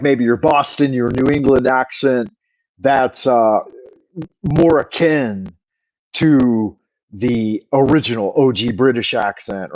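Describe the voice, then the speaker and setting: A man's voice: medium pitch, darkish tone, poor audio. A middle-aged man with a Californian accent, rambling and swearing in an opinionated livestream chat. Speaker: livestream host.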